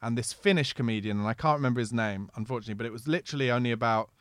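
A man's voice: medium pitch, rapid-fire, no room sound, studio quality. A man, a comedian co-hosting a podcast, telling stories in sweary, casual banter. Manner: storytelling, sweary, laughs at dark jokes.

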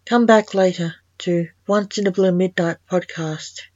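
A woman's voice: lowish voice, fairly even intonation, measured pace, a little mellow, no room sound. Woman host reading her own spooky stories. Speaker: podcast host, poet and author. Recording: dull lo-fi dry recording.

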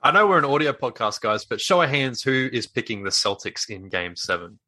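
Guy hosting a sports podcast, bright voice, jokey and teasing. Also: medium pitch, fairly quick. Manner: joking, teasing, lively. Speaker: podcast host. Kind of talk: casual sports podcast chat.

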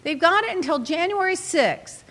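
A middle-aged woman with a high, sparkling voice tells a casual story in an animated, dramatic way, full of exclamations. Her voice carries a long reverb, as if from a large hall. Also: moderate pace.

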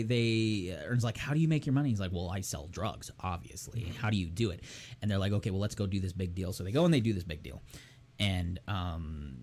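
A young man with a fairly low voice retells a TV episode in a loose, rambling way on a podcast. He slips into the characters' lines as he goes, and keeps his tone casual and conversational. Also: darkish tone. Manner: rambling storyteller who acts out characters' lines. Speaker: podcast co-host. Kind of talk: casual chat, recapping a TV episode.

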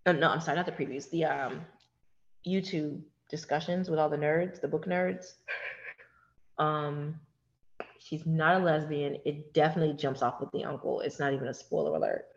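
A woman in casual chat about a TV show, animated and swearing freely. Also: sits low, dull audio. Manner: animated, swearing, talks fast in bursts.

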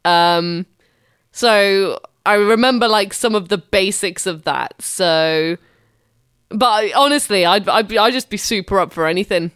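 A woman's voice: medium pitch, a little slow, fairly bright tone, smooth, no echo. A woman co-hosting a podcast, chatting casually and hesitantly. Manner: hesitant, giggly. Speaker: podcast co-host. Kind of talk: casual chat.

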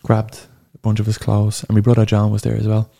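Gravelly-voiced Irish man in his thirties. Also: lowish voice, completely flat delivery, dark tone. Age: 30s. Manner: halting, sorrowful, swears freely. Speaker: podcast guest. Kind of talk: emotional personal storytelling.

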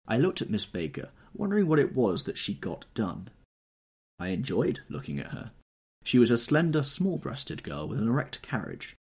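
A man narrating an audiobook in an expressive, measured storytelling manner. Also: on the low side, breathy edge.

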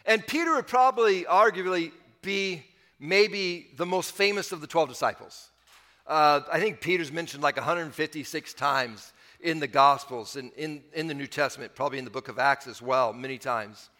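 A man preaching a sermon as pastor, conversational, pushing up on key points and dropping low to close thoughts. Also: normal speed, sharp tone, big-room sound.

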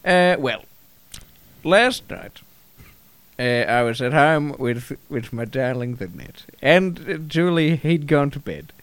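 Halting deadpan comedy host. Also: male voice, mid-range voice, no room sound. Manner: halting, full of fillers and restarts. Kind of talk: deadpan improvised comedy chat.

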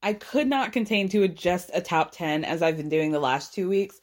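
A woman's voice: lowish voice, lively intonation, normal speed. A woman hosting a casual recap podcast, chatty and sarcastic, laughing often as she talks. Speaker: podcast host recapping a reality show.

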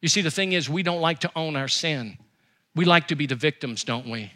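A man preaching a sermon as pastor, with emphatic repetition and quick rises and drops. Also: a little high, expressive, bright, forceful tone.

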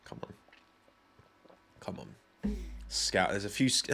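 A man's voice: medium pitch, slow pace, pauses often. A young British man with a British accent hosting a podcast, chatting loosely and directly to his live audience with plenty of self-deprecating asides. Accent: British English. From Britain. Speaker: podcast host. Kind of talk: casual solo chat with live chat.

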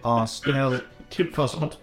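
Male game master, casual and halting, faint music behind. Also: mid-range voice. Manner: relaxed, hesitant with many ums. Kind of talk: running a tabletop game, casual.

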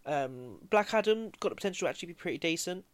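A man's voice: high voice, lively intonation, fast, clean tone, no room sound. A man in casual film chat as a podcast co-host, laid-back and swearing easily.

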